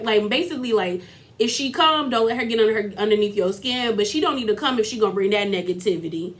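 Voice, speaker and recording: A woman's voice: fairly high pitch, brisk. A woman vlogger giving a casual, chatty recap of a reality show, full of fillers and laughter.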